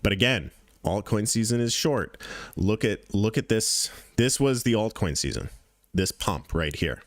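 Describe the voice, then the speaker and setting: Man, deep voice, dry close sound, casual profane crypto chart commentary, emphatic repetition. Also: animated, measured pace, no echo. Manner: blunt, profane, repeats points for emphasis. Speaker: crypto trading channel host.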